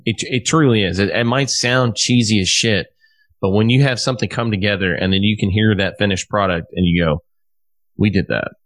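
A man's voice: fairly low pitch, a little fast, a bit bright, dry recording. A man hosting a casual podcast chat, rambling and swearing freely with lots of restarts. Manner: rambling and profane, with many restarts. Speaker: podcast host, musician.

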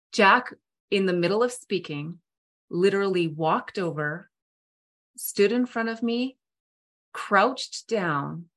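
A middle-aged woman hosting a podcast, telling a personal story in a heartfelt, earnest way with soft pauses. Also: lowish voice. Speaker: podcast host. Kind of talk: reflective storytelling monologue.

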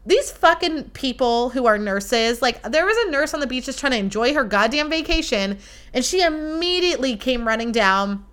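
A young woman hosting a podcast, telling a story in a casual, animated and profane way. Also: sits high, moderate pace, clear, resonant tone. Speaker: podcast host.

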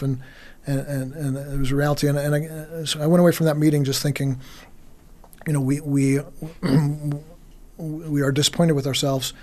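Earnest halting pastor, fairly high voice. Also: male voice, little pitch movement, darkish tone. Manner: earnest, halting, many restarts. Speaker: pastor and podcast guest. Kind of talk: reflective podcast conversation.

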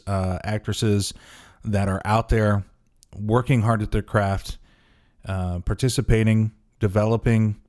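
A man's voice: lowish voice, darkish tone. Easygoing man with lots of fillers. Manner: easygoing, fills pauses with "uh" and "um". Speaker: podcast co-host. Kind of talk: casual chat.

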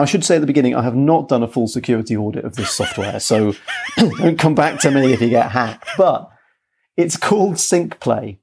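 An enthusiastic man explaining things to his co-hosts in casual podcast chat. His voice is mellow and slightly husky, and his pitch rises and falls freely as he talks. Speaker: podcast co-host.

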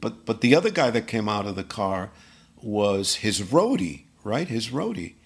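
Male interview guest, raspy gravelly voice, animated storyteller. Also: on the low side, normal speed. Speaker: guest musician.

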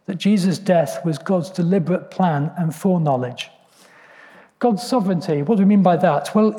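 A man's voice: sits high, mellow. Earnest male preacher in a reverberant hall. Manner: earnest, reflective, with frequent ums and restarts. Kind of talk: sermon.

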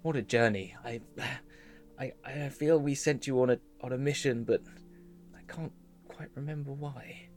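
A man's voice: mid-range voice, measured pace, faint music behind, natural voice. A man voicing a forgetful, polite male Factol who is hesitant, apologetic and trails off. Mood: confused.

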